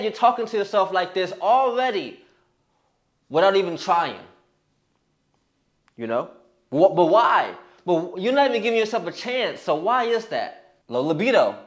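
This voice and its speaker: A man's voice: fairly high pitch, very animated, moderate pace. A young man giving a blunt, profane motivational talk as a fitness coach, often restarting his sentences. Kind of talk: motivational monologue.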